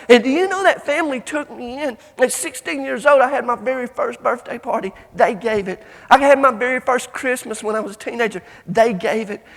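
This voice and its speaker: A man giving an emotional motivational speech to students, telling stories emphatically and swinging between loud and hushed delivery. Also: very high voice. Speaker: motivational speaker. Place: large conference hall. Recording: long hall reverb.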